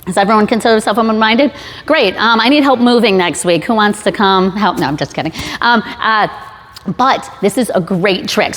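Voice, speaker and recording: A woman's voice: mid-range voice, fairly bright tone. A woman giving a casual sales talk to a live audience, chatty and jokey with many fillers and restarts. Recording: long hall reverb.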